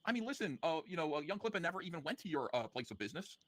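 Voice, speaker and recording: A man hosting a call-in podcast, confronting a guest in a heated argument and halting with fillers. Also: on the high side, lively intonation, fairly bright tone, no room sound. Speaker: host.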